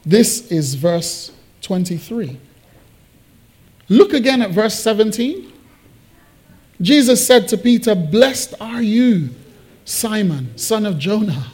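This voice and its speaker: High-voiced guy preaching in church, gets really animated acting out the quotes. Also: slow pace, breathy edge. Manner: animated, acts out Bible quotes with big pitch swings. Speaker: pastor. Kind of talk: sermon. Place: church hall.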